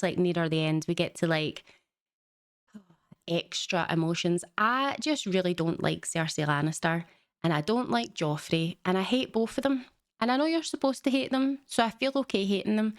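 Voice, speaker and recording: A woman's voice: on the low side, dry recording, studio quality. A young woman, recapping a show in a chatty, rambling way with lots of fillers. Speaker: reaction channel host. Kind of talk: casual reaction recap.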